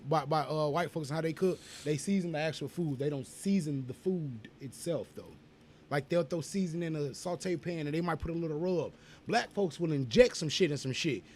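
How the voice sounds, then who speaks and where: A man, co-hosting a casual podcast in a rambling, animated and profane way, always going off on tangents. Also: a little high, fast talker, slight background noise. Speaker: podcast co-host.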